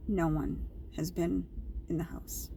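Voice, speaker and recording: A woman's voice: lowish voice, fairly even intonation, slow, vocal fry, dark tone, a little hiss or hum. A woman vlogger casually telling her viewers a story, chatty and repetitive, with an indignant edge.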